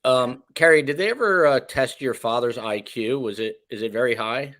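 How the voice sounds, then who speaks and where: A male host jokes with his guests, then asks loose questions padded with fillers. His voice sits at a middling pitch. The recording is dry and close. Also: normal speed, fairly bright tone, no room sound. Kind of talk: casual interview hosting.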